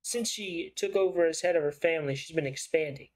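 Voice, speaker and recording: Brief: man voicing a smooth, persuasive investigative writer; slightly high, coaxing. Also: a little fast, close to an everyday voice, low-quality recording. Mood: probing. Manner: smooth-talking and probing.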